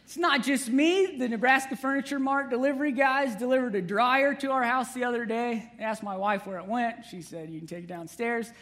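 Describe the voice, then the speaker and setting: High-voiced pastor giving a joking sermon. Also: male voice, fairly quick, few pauses, a bit bright. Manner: conversational, humorous, with playful asides to the congregation.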